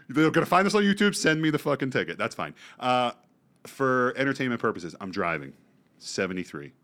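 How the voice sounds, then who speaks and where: Animated swearing young man telling a story. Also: mid-range voice, normal speed, long pauses. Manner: animated storyteller, swears freely, acts out his own reactions. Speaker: podcast co-host. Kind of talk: casual chat.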